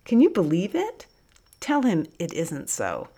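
A woman voicing a hot-tempered, chubby male prisoner who talks loudly and indignantly. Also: lowish voice, wildly swooping pitch, a little slow, full character voice. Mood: pleading, outraged. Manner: loud, indignant.

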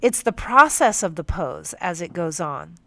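A young woman narrating a first-person audiobook in a measured, firm, teacherly way. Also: lowish voice, expressive, fairly bright tone, no echo. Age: young adult.

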